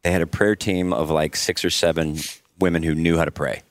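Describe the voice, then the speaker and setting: A man hosting a podcast, telling stories in a casual, animated way and laughing often. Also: very deep voice, a little fast, no echo. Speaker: podcast host and performer. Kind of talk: casual chat and storytelling.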